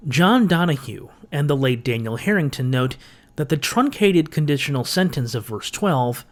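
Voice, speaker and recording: Man giving a methodical Greek grammar lecture. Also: medium pitch. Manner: methodical, explanatory, dry humor. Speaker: biblical studies channel host. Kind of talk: scripted lecture narration.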